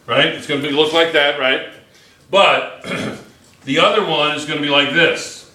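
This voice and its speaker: In an echoey classroom, a man with a fairly high, sharp-toned voice gives an unhurried chemistry lecture. He keeps things playful and full of jokes, firing off questions to the students.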